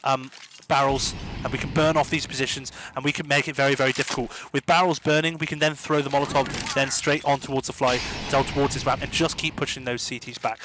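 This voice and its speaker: Fast, bright man explaining gameplay. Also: a little high, a little hiss or hum. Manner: eager, repetitive, often asks "do you know what I mean". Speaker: gaming tips host. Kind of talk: gameplay tutorial commentary.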